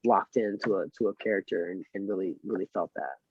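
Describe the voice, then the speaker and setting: Rambling man in a relaxed interview. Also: fairly low pitch, fast, slightly rough, dry recording. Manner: relaxed and rambling, with many fillers. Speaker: actor guest. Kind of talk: casual interview chat. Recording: dry, dull lo-fi sound.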